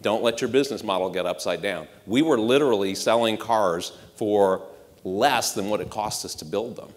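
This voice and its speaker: Middle-aged guy doing a keynote in a big hall, lowish voice, lots of reverb, punchy and a bit sarcastic. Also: normal speed. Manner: punchy, rhetorical questions, dry sarcastic asides. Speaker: marketing executive giving a conference talk. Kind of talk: conference keynote. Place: large conference hall.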